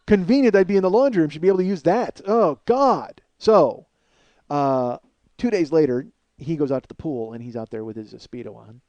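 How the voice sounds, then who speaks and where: A middle-aged man hosting a comedy podcast, telling a story in a profane, excitable rant. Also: on the high side, normal speed, no echo, dull audio.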